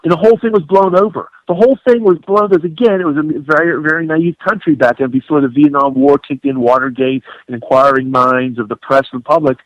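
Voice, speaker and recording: A man, an author guesting on a radio interview, talking in an emphatic, indignant, animated way. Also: on the high side, fast, hardly any pauses, dry recording. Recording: dull lo-fi radio broadcast.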